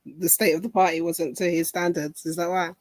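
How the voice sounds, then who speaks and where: A woman's voice: on the low side, level tone, brisk, darkish tone, no room sound. A woman speaking as a guest in a casual debate, firm and lecturing, pressing others with pointed questions.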